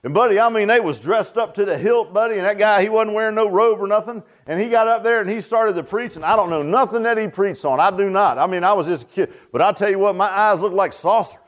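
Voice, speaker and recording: A middle-aged man, preaching a sermon in a folksy storytelling way that swings between loud bursts and hushed asides. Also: sits high, fast, hardly any pauses. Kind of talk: sermon testimony.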